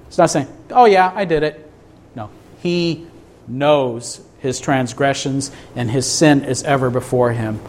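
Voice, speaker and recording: A man's voice: medium pitch, normal speed, darkish tone. A man preaching a sermon to a congregation in a church, emphatic, asking rhetorical questions. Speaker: pastor.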